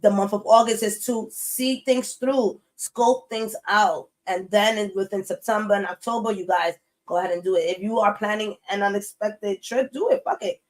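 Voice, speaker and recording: A woman's voice: medium pitch, moderate pace, few pauses, poor audio. A woman doing a casual tarot reading for her viewers in a loose, chatty way. She talks bluntly, cusses freely and hammers her points home by repeating them. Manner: blunt, swears freely, emphatic repetition. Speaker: tarot reader.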